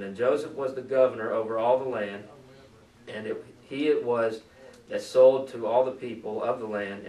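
A man with a mid-range, slightly mellow voice leads a Bible study, reading scripture aloud and then explaining it conversationally. The recording is echoey, with a distant mic and faint ambient noise.

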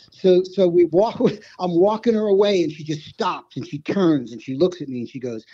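Dark-toned man spinning road stories. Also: on the high side, normal speed, few pauses, dry recording, muffled recording. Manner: rambling anecdotes with many restarts. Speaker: guest, former band road manager. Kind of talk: casual storytelling in conversation.

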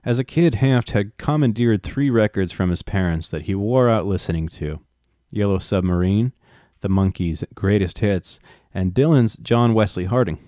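A man's voice: lowish voice, normal speed, warm tone, no echo, studio quality. A man reading a book aloud and breaking off into wry, profane asides. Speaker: reader and commentator.

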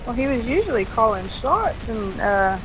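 A woman's voice: a little high, sing-song, moderate pace, noisy background. A woman in a gaming voice chat, focused and calling out targets to her squad. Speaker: squad member.

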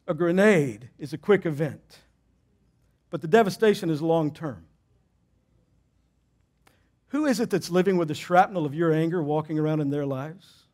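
A middle-aged man, a pastor, preaching a sermon with animated, emphatic storytelling and self-deprecating humor. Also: sits high, moderate pace, pauses often.

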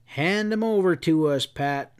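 A grim, angry leader of a frontier posse, played by a man reading aloud speaks in blunt, threatening folksy words. The voice sits a touch high. It reads like a storybook western. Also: unhurried, smooth, lightly acted.

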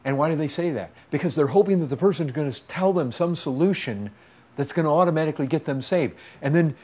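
A man preaching a sermon with impassioned urgency, swinging from loud pleas to hushed intensity, in a repetitive, pleading cadence. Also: a little high, fast.

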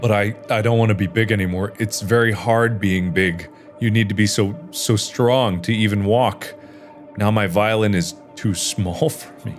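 A man voicing a huge mutated masked boy who pleads softly to be allowed to stay. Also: lowish voice, steady tone, moderate pace, faint music behind, close to an everyday voice. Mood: sad. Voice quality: distorted, resounding childlike voice.

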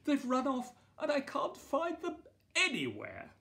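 A man voicing an excited young boy prince in a storybook, breathless and high. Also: measured pace, gravelly, full character voice.

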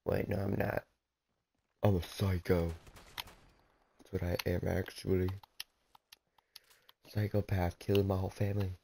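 A male streamer mutters and jokes to himself as he plays a game. His voice is dark and gravelly at a middle pitch. Faint clicking and typing come through in the background. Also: little pitch movement, a little slow, pauses often, a little hiss or hum. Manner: jokey, talks to himself while playing. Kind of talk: casual gameplay commentary.

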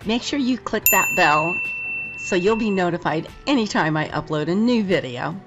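A woman's voice, hoarse from a lingering cold, walks through a craft project in a friendly, step-by-step tutorial. Her pitch sits fairly low but swings widely as she talks, over soft music. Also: expressive, moderate pace, lo-fi sound. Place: home, filming in Las Vegas.

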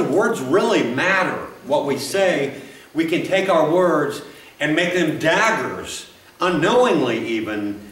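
A man preaching a sermon in a church, folksy and rambling, with frequent restarts and asides. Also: fairly high pitch. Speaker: pastor. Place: church sanctuary. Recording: roomy, from a distance.

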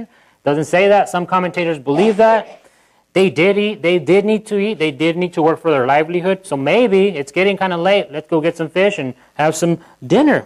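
A pastor giving a sermon in church, talking in a loose conversational way with asides to the congregation and acting out quotes. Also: male voice, a little high, low-quality recording. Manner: animated, acting out quotes in a livelier voice.

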